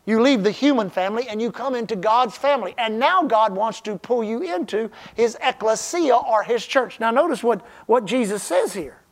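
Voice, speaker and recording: A man preaching a sermon as pastor, stressing key phrases slowly and then dropping to a hushed tone. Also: extremely high pitch, lively intonation.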